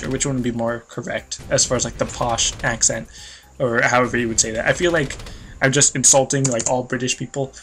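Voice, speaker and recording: A man's voice: medium pitch, pushed and bright, a little hiss or hum. A young American man rambling through casual gameplay commentary, self-deprecating and full of fillers and small laughs. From United States. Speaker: let's play host.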